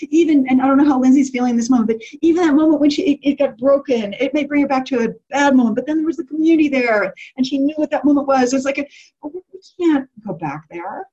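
Talking fast in a high-pitched voice, a woman leads her retreat group on a lo-fi call. She keeps it casual and lively, restarting often, using plenty of fillers, and acting out quotes with laughter.

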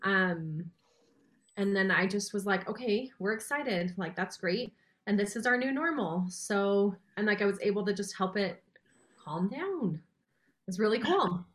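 A woman's voice: mid-range voice, animated, measured pace. Chatty, enthusiastic woman in a group. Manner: chatty and enthusiastic, with many fillers. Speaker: participant in an online meditation group. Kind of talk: sharing a personal experience.

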